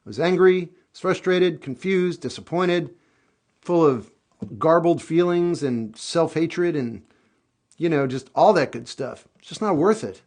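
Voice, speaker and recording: A man hosting a live stream, giving casual life advice with candid reflection and sudden goofy outbursts. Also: on the high side. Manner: animated, goofy bursts of shouting.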